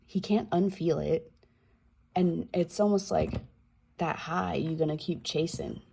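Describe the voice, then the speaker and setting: A woman's voice: low-pitched, huge pitch swings, measured pace, vocal fry, dark tone, a little hiss or hum. A woman giving a casual tarot reading, loose and profane, with slangy asides and the odd drop into a whisper. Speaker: tarot reader.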